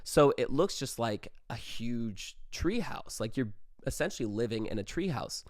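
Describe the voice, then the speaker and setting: A man's voice: medium pitch, lively intonation, moderate pace, dry recording, clean studio sound. A young man hosting a podcast, telling a story in a rambling, casual way, full of like and swearing. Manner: rambling, peppered with like, swears freely. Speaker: podcast host.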